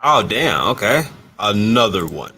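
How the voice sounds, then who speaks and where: A man co-hosting a casual livestream chat, playful and teasing with loud excited bursts. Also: fairly low pitch, unhurried, gravelly, slightly rough, faint music behind. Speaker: livestream co-host.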